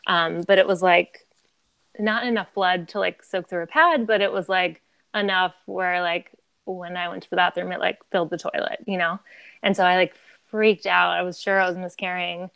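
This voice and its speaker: A woman's voice: on the low side, steady tone, normal speed, vocal fry, fairly bright tone, clean tone, no echo. A woman in her thirties, a podcast guest telling her story in a candid, chatty way, filling her talk with "like" and laughing often.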